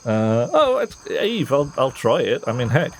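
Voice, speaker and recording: A man's voice: mid-range voice, huge pitch swings, normal speed, a little hiss or hum. A man chatting casually while streaming a horror game and reading out chat messages. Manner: chatty, reads chat aloud, swears mildly. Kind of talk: casual gameplay commentary. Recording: game music loud underneath.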